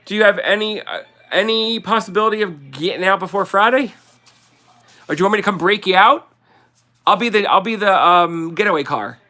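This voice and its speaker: A man's voice: sits high, fairly quick, pushed and bright. A man with a New Jersey accent hosting a casual livestream, rambling and chatty and laughing often as he sells collectibles. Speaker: livestream host selling collectibles.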